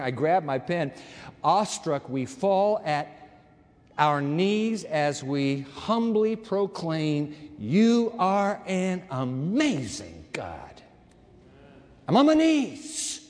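Man preaching a sermon, high voice, punchy asides between bible readings. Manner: emphatic, animated, mixes Bible reading with pointed asides. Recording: long reverb of a large hall.

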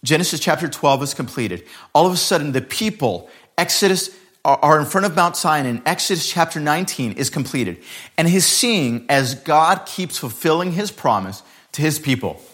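A man preaching a sermon as a pastor, telling scripture as a dramatic story and changing his pace and loudness often. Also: a little high, expressive, moderate pace.

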